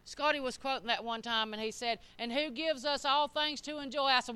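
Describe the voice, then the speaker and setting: A middle-aged woman preaching a sermon in a church, emphatic and swinging up to shouted peaks. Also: on the high side, normal speed, clean tone, no room sound.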